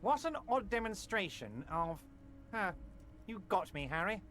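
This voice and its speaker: Evrart: a smug, oily union boss. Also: male voice, high-pitched, sing-song, measured pace, fairly bright tone, full character voice. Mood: dismissive. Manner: oily, falsely reassuring. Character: smug, scheming male union boss, large and jovial. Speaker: game character.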